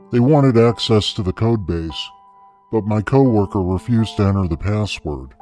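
Low, mellow man calmly narrating. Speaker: story contributor. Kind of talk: reading a short story aloud.

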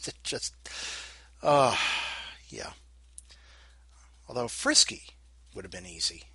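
A man hosting a podcast alone, rambling and poking fun at himself, with a bright, forceful tone and a slightly husky edge. His pitch swings up and down a lot as he chats. He mutters little asides to himself between thoughts. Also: big pitch swings, slow, pauses often, no room sound. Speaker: podcast host. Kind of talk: casual solo podcast chat.

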